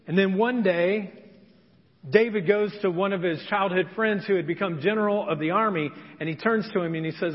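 Male pastor, sermon, high voice, earnest storytelling, long hall reverb. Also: brisk. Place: church sanctuary. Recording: reverberant church hall, dull sound.

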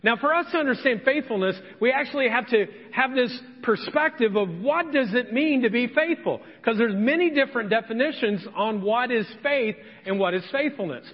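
A man's voice: very high-pitched, lively intonation, moderate pace, hardly any pauses. A pastor from Indiana preaching a conversational sermon, acting out the voices of people he quotes. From Indiana, USA. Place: church sanctuary. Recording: echoey hall, dull lo-fi sound.

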